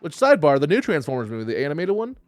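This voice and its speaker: Animated high-voiced man hosting a podcast. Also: rapid-fire, no echo, faint music behind. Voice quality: laughs often, swears freely. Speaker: podcast host. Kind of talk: casual chat.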